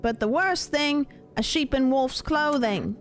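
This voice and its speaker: A woman's voice: high voice, a little slow, soft background music. A woman putting on a wobbly British pack-leader man. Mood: menacing. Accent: attempted British. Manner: preachy, shaky put-on accent. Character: swaggering adult man, ruthless pack leader preaching.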